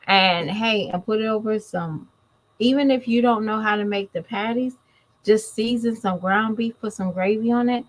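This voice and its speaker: A woman in her thirties talks with a drawl in a casual commentary vlog. She speaks plainly and bluntly to her viewers and scolds them without softening it. Her voice sits at an ordinary middle pitch. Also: low-quality recording. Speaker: commentary vlogger.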